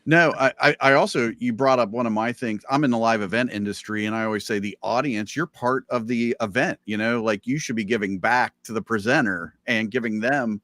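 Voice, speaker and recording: A man's voice: medium pitch, fairly quick, hardly any pauses, fairly bright tone, dry recording, studio quality. A man co-hosting a casual podcast, joking with his guest, with stammered restarts. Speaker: podcast co-host.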